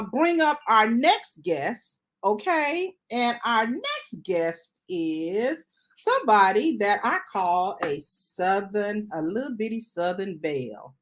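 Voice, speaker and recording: A woman hosting a casual livestream chat. She is chatty and animated and tags her sentences with "okay?". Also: on the high side. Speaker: host.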